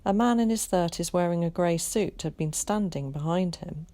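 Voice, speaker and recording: A teacher reading a children's novel aloud, calm and measured. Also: female voice, lowish voice. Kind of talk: storybook read-aloud.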